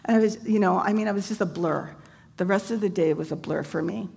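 A woman's voice: mid-range voice, fast talker, vocal fry, darkish tone, breathy edge. A woman sharing a personal faith testimony, retelling events vividly and conversationally with casual fillers. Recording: long hall reverb, faint background noise.

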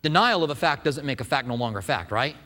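A man preaching a sermon as pastor, lively and conversational, often asking the congregation questions. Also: medium pitch, fast, long reverb tail.

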